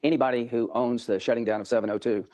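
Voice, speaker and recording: A male senator answers in a TV interview with emphatic, declarative statements. He speaks very rapidly, at an ordinary middle pitch. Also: steady tone, dark tone.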